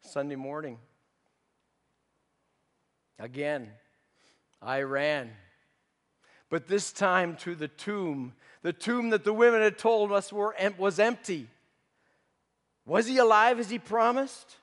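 A man playing Peter, guilt-stricken, high voice. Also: slow pace, pauses often. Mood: grieving. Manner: anguished storytelling, swinging between urgent outbursts and hushed confession. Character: remorseful male disciple Peter, grown man haunted by guilt. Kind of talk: dramatic first-person monologue. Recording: long reverb of a large hall.

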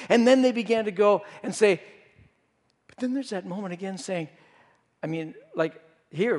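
A man's voice: high-pitched, darkish tone. A man preaching a sermon, telling a story and acting out the disciples' voices. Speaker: pastor. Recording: reverberant hall.

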